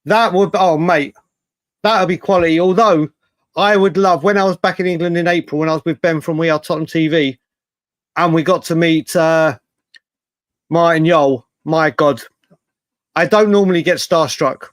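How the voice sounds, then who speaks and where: A man co-hosting a podcast, telling stories in an animated, rambling casual chat with many restarts. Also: a little high, normal speed, no echo. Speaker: podcast co-host.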